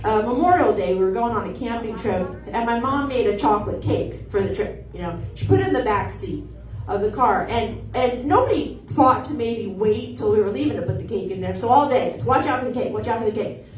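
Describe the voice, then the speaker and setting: A woman's voice: mid-range voice, animated, brisk, roomy sound, distant mic, poor audio. A woman doing a stand-up comedy set, telling a family story and acting out the voices of the people in it. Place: comedy club stage.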